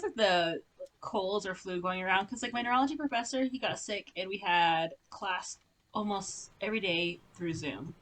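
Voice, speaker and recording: A young woman hosts a relaxed podcast chat with her friends. Her pitch sits at an ordinary middle height. She rambles cheerfully, stringing thoughts together with plenty of fillers and small laughs. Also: low-quality recording. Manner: chatty, many fillers, frequent laughs. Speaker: podcast host. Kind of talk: casual chat among friends.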